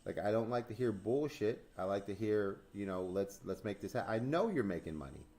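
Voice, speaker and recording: Low-voiced man telling animated stories. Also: brisk. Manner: animated storyteller, acts out dialogue, swears, laughs often. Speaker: crypto stream host. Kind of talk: casual chat.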